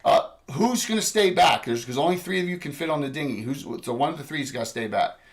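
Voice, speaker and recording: A man acting as dungeon master, running a tabletop game in a relaxed, chatty way with lots of fillers. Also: fairly high pitch, quick pace.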